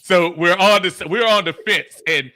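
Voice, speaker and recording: A man's voice: sits high, unhurried, bright, forceful tone, dry recording, clean studio sound. A man co-hosting a casual sports talk show, rambling with many restarts and laughing easily. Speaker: co-host.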